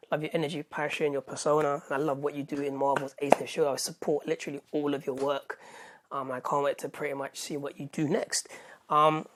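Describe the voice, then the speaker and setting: Excitable British man rambling through a review. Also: a little high. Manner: enthusiastic, rambling, with many restarts. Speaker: TV show reviewer. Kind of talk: casual video review.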